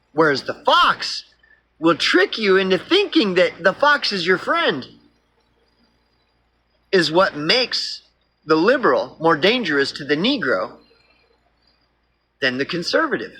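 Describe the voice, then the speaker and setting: A man's voice: on the high side, bright, forceful tone, husky. A man with an Oklahoma accent, rambling through a profane, casual political monologue.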